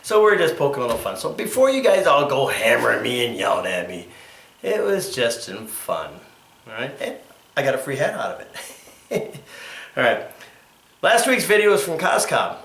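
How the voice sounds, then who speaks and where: A man's voice: mid-range voice, sing-song, moderate pace, gravelly, a bit bright, roomy sound. A man hosting an archery video, talking in a chatty, jokey and rambling way. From Connecticut, USA. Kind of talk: casual vlog narration.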